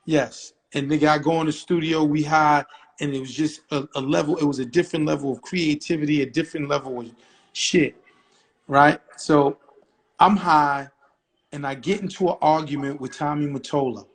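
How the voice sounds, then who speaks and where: A middle-aged man telling a story as an interview guest, brash, profane and animated. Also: fairly high pitch, normal speed, rough recording.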